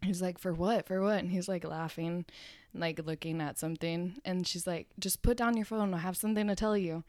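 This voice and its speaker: A woman's voice: lowish voice, fairly quick, no echo. Young woman guest, chatty, acts out relatives' voices mid-story, dry close sound. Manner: animated storyteller who acts out family members' lines. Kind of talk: casual chat.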